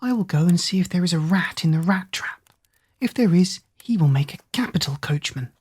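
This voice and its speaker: A woman voicing a kind, meek young servant girl who speaks softly and humbly. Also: fairly low pitch, lively intonation, fairly quick, slightly rough, no room sound. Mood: eager.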